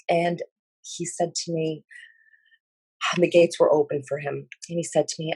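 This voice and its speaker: A woman slowly and earnestly recounting a spiritual vision in halting speech with many fillers. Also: fairly low pitch, steady tone, a little mellow, husky, no room sound. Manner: emotional and earnest. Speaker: speaker sharing a spiritual vision. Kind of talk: personal account of a vision.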